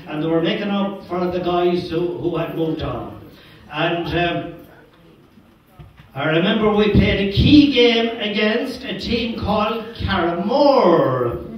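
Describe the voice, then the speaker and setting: A man's voice: sits high, lo-fi sound. Older Irish man telling stories in an echoey hall. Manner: chuckling storyteller, acts out quotes. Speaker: former team manager giving a speech. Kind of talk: anecdotal after-dinner speech. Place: function hall. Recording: echoey hall, distant mic.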